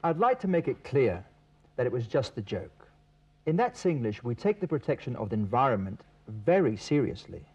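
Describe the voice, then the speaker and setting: A male presenter of a TV English course reads his scripted lines in a clear, deliberate teaching manner. His pitch is mid for a man and moves a lot. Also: very animated, a little mellow, dull audio.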